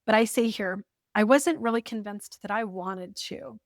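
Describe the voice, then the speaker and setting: Woman in her 40s reading from her journal, wry, lighthearted, middle pitch, dry close sound. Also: normal speed, no room sound. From United States. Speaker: vlogger. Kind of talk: storytelling while reading from an old journal.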